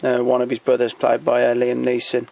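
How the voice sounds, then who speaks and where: A man speaks at an everyday middle pitch, thinking aloud as he goes, with frequent ums and restarts. He is off-the-cuff and keen, recorded at home beside a shelf. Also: completely flat delivery, a little fast, gravelly, darkish tone, no echo, poor audio. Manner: hesitant, many ums and restarts, enthusiastic recommendations. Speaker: collector showing DVDs. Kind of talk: casual off-the-cuff commentary.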